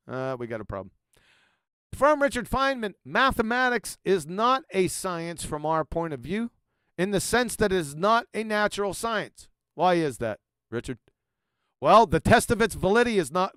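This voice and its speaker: A man hosting a commentary video, reading quotes aloud with emphasis and then making sarcastic, mocking asides, often dropping to a low mutter. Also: a bit bright, smooth, no room sound, studio quality. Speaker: channel host. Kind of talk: commentary over quoted slides.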